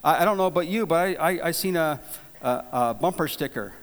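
A man preaching a sermon, telling a folksy story in a relaxed, conversational way, with frequent restarts and repeated words. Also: fairly high pitch, fairly quick. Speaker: pastor. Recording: long hall reverb.

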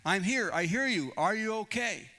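A man voicing a calm, patient divine spirit who speaks gently and unhurriedly in a sermon story. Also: sits high, normal speed, pitched above the performer's own voice, full character voice. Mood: gentle. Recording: long reverb in a large hall.

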